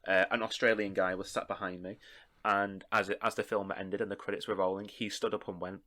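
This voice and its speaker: A man co-hosting a podcast in a casual film discussion. He is animated, laughs often and stumbles through restarts. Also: fairly low pitch, fairly quick. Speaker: podcast co-host.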